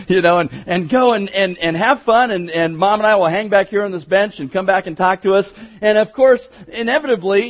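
A middle-aged man preaching a sermon in a conversational way, often repeating words and restarting, and slowing down to read scripture. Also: high voice, dull audio. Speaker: pastor.

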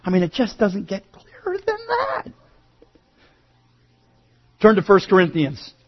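A male pastor preaching a sermon, moving from quiet asides to emphatic raised declarations. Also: sits high, wildly swooping pitch, unhurried, husky, dull audio.

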